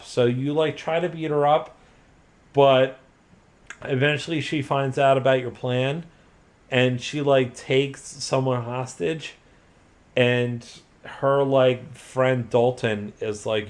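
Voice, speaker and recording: A man's voice: mid-range voice, steady tone, takes it slowly. A drunk man with an ordinary mid-range voice rambles through a retelling, tripping over restarts and stuffing his sentences with "like". He swears casually and keeps the whole thing loose and offhand. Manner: loose, profane, full of "like" and restarts. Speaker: host retelling a video game plot.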